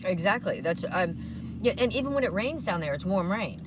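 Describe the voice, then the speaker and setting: A woman's voice: medium pitch, lively intonation, fairly quick, noisy background. A woman co-hosting a podcast in casual chat, rambling with lots of fillers and restarts, recorded in a car. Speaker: podcast co-host.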